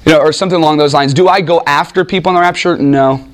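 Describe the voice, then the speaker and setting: A man teaching a Bible class in an animated, informal way, restarting sentences often and acting out what people say. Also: a little high, fast talker. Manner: animated, with frequent restarts and acted-out quotes. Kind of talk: informal teaching talk with anecdotes.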